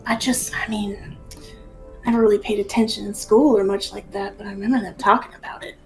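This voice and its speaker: A woman voicing Marie, a bubbly, excitable young woman, in a tabletop game. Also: a little fast, faint music behind, close to an everyday voice, poor audio. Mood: chirpy. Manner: excitable, high and loud exclamations.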